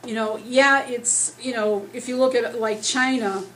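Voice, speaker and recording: A woman preaching an earnest, rambling sermon as she starts losing her voice, talking loud without a microphone. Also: a little high, fairly even intonation, measured pace, slight background noise, poor audio. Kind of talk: conversational sermon. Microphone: speaking loud without a microphone.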